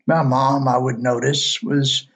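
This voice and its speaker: An older man from Alabama with a slight Southern accent, slowly reading his own memories in a folksy storytelling way. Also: mid-range voice, level tone, vocal fry, a bit bright, slightly rough. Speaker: listener sharing memories.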